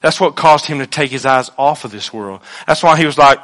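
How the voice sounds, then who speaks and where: A man preaching a sermon as pastor, animated, acting out quoted voices and swinging between loud outbursts and quiet asides. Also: fairly high pitch, a little fast, hardly any pauses.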